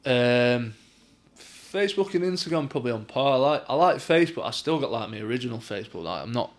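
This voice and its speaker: In casual conversation, this English boxer from Manchester tells chatty stories peppered with swearing and constant "like" fillers. He speaks in an animated mid-range voice at a fairly quick pace.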